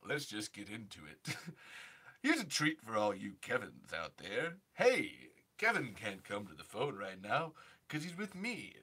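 Dude doing a deep, slow, breathy older actor guy, sly and suggestive. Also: huge pitch swings, sharp tone, heavily acted. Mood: smug.

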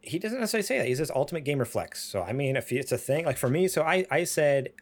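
A man's voice: fairly high pitch, sing-song, fast. A man co-hosting a gaming podcast, telling rambling stories with many fillers and frequent laughs. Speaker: podcast co-host. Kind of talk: casual chat.

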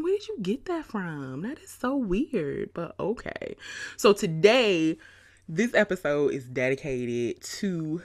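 A woman hosting her own podcast, telling stories in an animated, chatty way with frequent laughter. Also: low-pitched. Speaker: podcast host. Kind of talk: casual podcast monologue.

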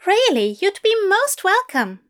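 A fussy, eager English teacher gushes in a high, bright, lilting voice, as a woman reads him aloud. His speech is prim, formal and effusive, and his pitch swoops up and down with enthusiasm. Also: very animated, measured pace, exaggerated voice.

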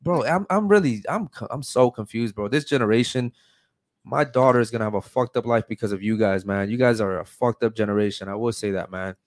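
A man's voice: fairly low pitch, brisk. A man hosting a podcast, blunt and confrontational, swearing as he argues his point. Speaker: podcast host. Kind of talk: heated podcast debate.

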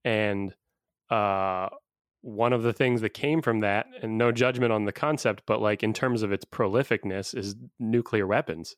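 A man's voice: lowish voice, fairly even intonation, moderate pace, dry recording, clean studio sound. A man co-hosting a casual podcast chat, musing aloud and laughing often. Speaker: podcast co-host.

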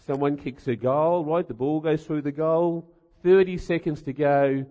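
A middle-aged man preaches in a wry, animated storytelling way and throws in rhetorical asides. His voice sits a bit high for a man. The sound is dull and trails off into a long hall reverb. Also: a little slow. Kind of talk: humorous sermon storytelling.

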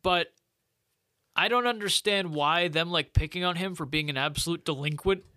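A man's voice: on the high side, bright, forceful tone, dry recording. A man co-hosting a podcast, bluntly recapping and picking apart a bad movie in casual chat full of "like". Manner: blunt, quick asides, lots of "like". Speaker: podcast co-host.

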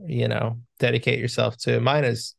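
A man's voice: mid-range voice, flat delivery, normal speed, vocal fry, fairly bright tone, no room sound, clean studio sound. A man co-hosting a film podcast, joking in a casual, self-deprecating way. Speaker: podcast co-host.

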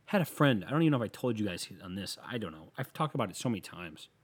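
A man hosting a show, delivering a casual comedic rant that is profane and exasperated, with loud emphatic outbursts. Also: on the low side, very animated, rapid-fire, slightly rough.

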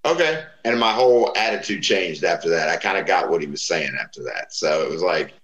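A man's voice: sits low, brisk, a little hiss or hum. A middle-aged man telling stories in casual talk, acting out the voices of the people he quotes. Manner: animated, acts out quoted voices. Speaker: guest. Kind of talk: casual storytelling. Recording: roomy echo.

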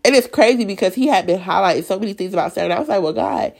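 Raspy-voiced woman sharing emotional testimony. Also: mid-range voice, very fast, darkish tone. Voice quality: raspy voice from sinuses. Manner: emotional, earnest faith testimony with stutters and restarts. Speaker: Bible study leader. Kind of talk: casual devotional talk.

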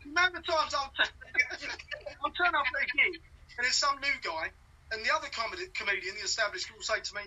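Middle-aged cockney comedian, jokey and self-deprecating, tinny phone sound. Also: male voice, extremely high pitch, fast talker, bright, forceful tone. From London. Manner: self-mocking, laughs at his own stories. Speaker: comedian guest. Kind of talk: casual chat.

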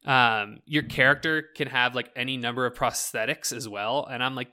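A man's voice: medium pitch, steady tone, normal speed, few pauses, bright, forceful tone, clean tone. A man rambling about video games in a casual podcast chat, swearing freely, leaning on "like" and laughing often.

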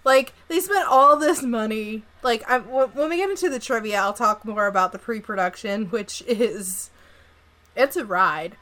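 A woman's voice: on the high side, normal speed, pushed and bright. A woman hosting a film podcast, recapping the plot with opinionated hot takes in casual chat. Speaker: podcast host.

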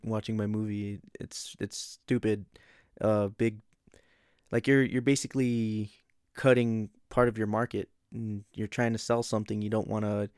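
A man's voice: on the low side, a little mellow, smooth, no echo, clean studio sound. A man hosting a casual pop-culture chat, rambling and swearing freely. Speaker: host.

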